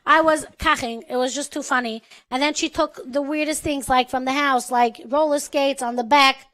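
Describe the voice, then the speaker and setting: Woman, American accent, squeaky, high-pitched, bright, bubbly casual chat. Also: fairly even intonation, moderate pace. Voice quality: squeaky, distinctive voice. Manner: chatty and bubbly, laughs often, says "you know what I'm saying". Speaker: co-host of a charity auction livestream.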